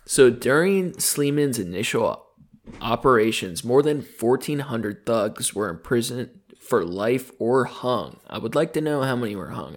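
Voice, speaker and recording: A man co-hosting a casual podcast in a studio, talking in a laid-back, profane way and often trailing off quietly at the ends of thoughts. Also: mid-range voice. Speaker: podcast co-host. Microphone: studio microphone.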